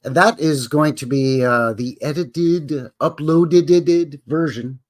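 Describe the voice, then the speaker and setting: Slow and somewhat high-voiced, this Alberta man hosts a casual live stream with a Canadian accent. He wanders from topic to topic in a folksy manner, greeting viewers by name.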